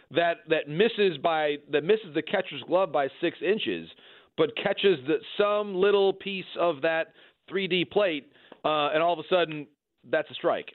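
A man giving measured baseball analysis in a conversational way, often restarting his sentences. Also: fairly high pitch, no room sound. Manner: measured, frequent restarts and repeated words. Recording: dry, phone-like line.

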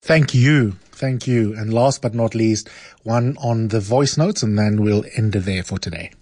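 Courteous male radio host, fairly low voice, dry studio sound. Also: a little slow, darkish tone, dry recording. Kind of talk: hosting a call-in show.

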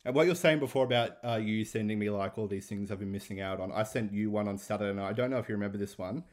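A young Australian man co-hosting a podcast over a video call, low-key and flat, mostly agreeing. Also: racing. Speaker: podcast co-host.

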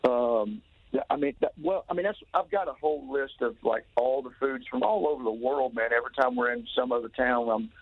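A man's voice: medium pitch, very animated, fairly quick, creaky. A man from Tennessee with a Southern accent, calling in to a radio interview and talking in a rambling, enthusiastic way full of restarts. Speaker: touring musician guest calling in. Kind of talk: casual phone interview. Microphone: telephone. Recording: tinny phone line, dry.

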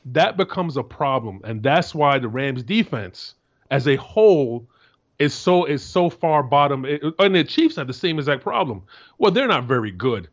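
A man in casual sports talk, spinning animated stories from his playing days. His sentences stumble and restart as he talks over himself. The recording sounds dull and lo-fi. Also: mid-range voice, normal speed. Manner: storytelling, animated, swears, restarts often. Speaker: co-host, former NFL defensive tackle.

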